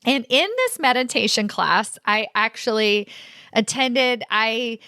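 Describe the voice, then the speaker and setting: A woman in her forties telling a personal story to her audience, animated and expressive. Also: on the high side, takes it slowly, no room sound, clean studio sound. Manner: animated, expressive, laughs often. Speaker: career coach and host.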